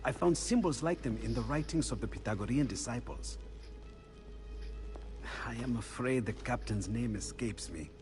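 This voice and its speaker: An actor playing an older Renaissance inventor, gentle, musing and absent-minded. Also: male voice, medium pitch, animated, normal speed, soft background music, natural voice. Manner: gentle, musing, enthusiastic about his research.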